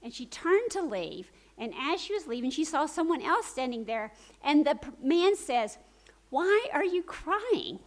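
A woman preacher retelling a story in a sermon, swinging from urgent, animated telling to hushed, soft emphasis. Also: sits high, normal speed, hardly any pauses, poor audio.

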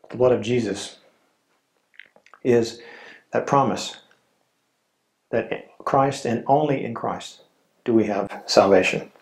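A man preaching a sermon in a slow, solemn way, with dramatic pauses. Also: medium pitch, darkish tone. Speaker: pastor.

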